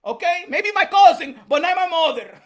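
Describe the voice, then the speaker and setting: A man putting on an irate Mexican fighter who shouts in loud, broken English with a thick Mexican Spanish accent. The voice sits very high and bright and leaps around wildly as he curses back at an insult. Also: animated. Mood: indignant shouting. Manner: shouting, indignant, halting grammar.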